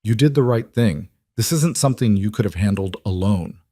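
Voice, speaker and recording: A man voicing a calm single father who talks in a reassuring, practical way. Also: on the low side, moderate pace, no echo, studio quality.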